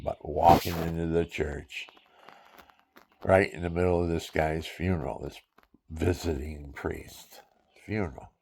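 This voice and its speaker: Gravelly, low-voiced old man rambling. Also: darkish tone. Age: 70s. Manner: rambling and digressive, chuckling at his own asides. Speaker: veteran speaking his mind. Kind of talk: rambling casual monologue.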